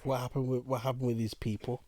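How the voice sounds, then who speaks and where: Man, podcast host, spoken-word poet, calm and encouraging, medium pitch, dry sound. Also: quick pace, no echo. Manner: calm, encouraging, rhythmic when reciting. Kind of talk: spoken-word poetry and supportive interviewing.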